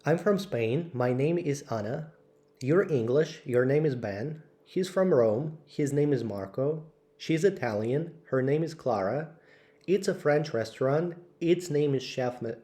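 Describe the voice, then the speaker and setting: A man slowly reading out English vocabulary lists for learners, word by word with clear pauses. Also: medium pitch, mellow. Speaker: English teacher. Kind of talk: slow vocabulary drill.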